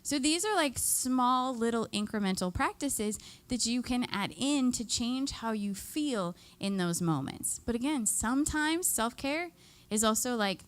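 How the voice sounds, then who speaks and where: A woman's voice: a little high, animated, a little slow. Upbeat woman leading a workshop. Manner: upbeat, chatty, leads the group in exercises; laughs often. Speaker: extension educator. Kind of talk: live workshop talk.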